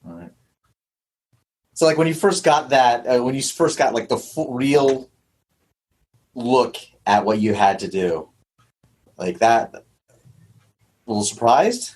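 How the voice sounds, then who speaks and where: A husky-voiced man hosts a podcast conversation, asking curious follow-up questions. He thinks out loud, circling back and restarting his sentences. His pitch stays in an ordinary middle range. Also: slow pace, long pauses. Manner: probing, thinking aloud with restarts. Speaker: podcast host. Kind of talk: conversational interview.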